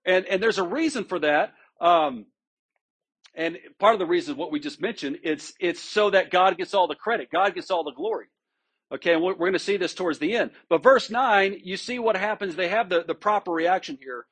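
A man's voice: high voice, a little fast, fairly bright tone, husky. A man preaching a sermon, talking in a conversational and emphatic way, often restarting phrases and checking in with his listeners. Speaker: pastor. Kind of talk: expository sermon.

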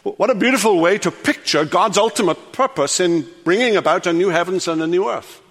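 An older man preaching a sermon as pastor, swinging from loud, animated passages to hushed, quiet endings. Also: high voice, fairly quick, big-room sound. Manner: animated preaching, rising loud then dropping to hush. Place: church sanctuary.

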